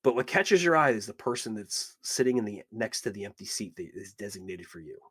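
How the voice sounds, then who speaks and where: A man running a tabletop game as game master, casual and animated, swearing often. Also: on the low side, brisk, breathy edge.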